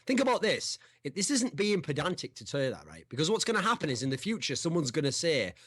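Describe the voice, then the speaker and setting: A man's voice: on the high side, wildly swooping pitch, fast talker, a bit bright. A man co-hosting an esports podcast, long-winded and arguing through elaborate analogies. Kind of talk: casual chat.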